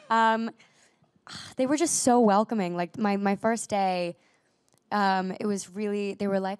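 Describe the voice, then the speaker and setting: A woman's voice: medium pitch, fairly even intonation, clear, resonant tone, dry recording, studio quality. A young woman actress chatting in an interview, bubbly and full of "like" and restarts, still coughing from a recent illness. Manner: bubbly, heavy use of "like", quick restarts. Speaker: actress guest. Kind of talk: casual interview chat.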